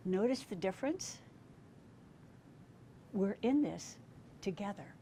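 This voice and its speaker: Woman narrating a measured training lesson. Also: medium pitch, expressive, darkish tone, a little hiss or hum. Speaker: instructor for healthcare providers. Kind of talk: scripted instructional narration.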